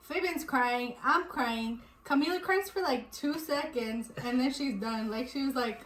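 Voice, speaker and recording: A woman's voice: high-pitched, unhurried. A woman in her twenties, a vlogger and new mother, chatting casually and telling a story with lots of laughter. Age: 20s. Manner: animated storytelling, laughs often. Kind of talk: casual chat. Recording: echoey room with faint noise.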